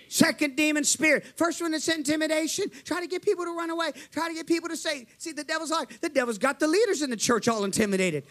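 A man's voice: very high voice, lively intonation, fast, hardly any pauses, a bit bright. A man preaching a fervent sermon, telling his testimony, calling to the crowd and acting out the voices in his story.

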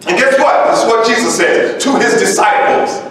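A pastor preaching a sermon with impassioned shouted emphasis and drawn-out words, in a church sanctuary. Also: male voice, very high-pitched. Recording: echoey hall from far off.

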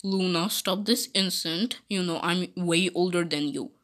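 A woman's voice: on the low side, unhurried, a bit bright. A woman voicing a stern elder pony princess who scolds in firm commands. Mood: scolding.

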